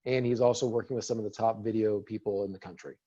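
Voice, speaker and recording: A man's voice: on the low side, steady tone, fast, mellow, lo-fi sound. A man leading a casual webinar on using video in business, upbeat and encouraging, talking to attendees in a chat. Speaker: real estate team leader giving a video training.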